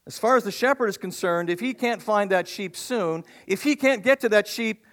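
A male pastor preaching a sermon, animated and asking the congregation questions. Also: high voice, moderate pace.

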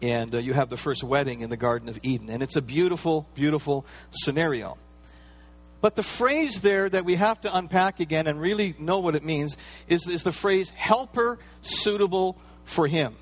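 A male pastor with a slightly high voice preaches a sermon at a moderate pace. His style is relaxed and conversational, full of playful asides and everyday filler words.

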